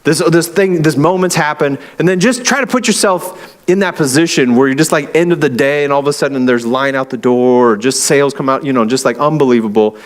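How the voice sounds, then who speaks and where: A man's voice: fairly high pitch, fairly quick. A young adult man preaching a sermon in a conversational way, with many fillers and playful acted-out quotes. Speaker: pastor.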